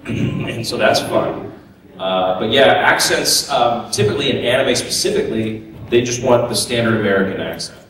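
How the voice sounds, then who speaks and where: A man on a convention panel answering audience questions in a loose, halting way, with restarts and fillers. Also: mid-range voice, fairly bright tone. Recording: echoey hall, distant mic, faint noise.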